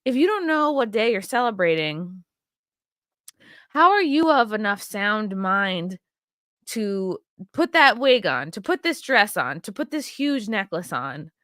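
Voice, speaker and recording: A woman's voice: mid-range voice, big pitch swings, measured pace, sharp tone, no echo, studio quality. A woman hosting her own show, giving blunt, profane and rambling commentary on video clips with a sarcastic edge. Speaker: host.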